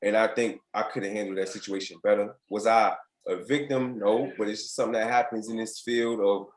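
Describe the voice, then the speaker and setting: In an echoey room, a late-twenties former basketball player from Virginia, United States, tells stories in a casual podcast interview. He talks briskly in a lowish voice with fairly even intonation, candid and profane, frequently imitating others as he quotes them.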